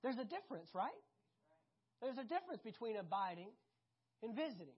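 Husky-voiced woman preaching a lively sermon. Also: on the high side, brisk, lo-fi sound. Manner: animated, conversational, asks the congregation questions.

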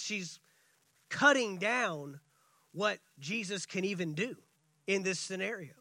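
A man delivers a sermon in a high, bright voice with a sharp edge. He swings between excited bursts and hushed, slowed-down lines, and he acts out the scripture dialogue. The sound is dry and close. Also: no room sound. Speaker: pastor.

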